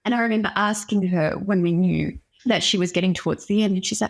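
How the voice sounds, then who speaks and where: A woman's voice: mid-range voice, fast talker, vocal fry. A young woman, a doctor speaking as a guest in an interview, telling a personal story frankly and with emotion. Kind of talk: candid interview conversation.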